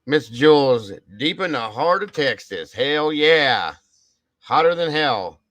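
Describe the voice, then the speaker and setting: A man's voice: on the high side, animated, slow pace, no room sound, low-quality recording. A man hosting a casual livestream, reading out where viewers are from in a chatty, upbeat way with casual swearing. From Ohio. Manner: reads out viewer shoutouts, chatty. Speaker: livestream host.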